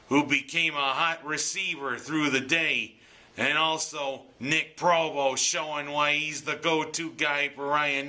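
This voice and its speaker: Bright-toned exasperated sports ranter. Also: male voice, a little high. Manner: exasperated, joking, sarcastic. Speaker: sports commentator. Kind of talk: sports rant monologue.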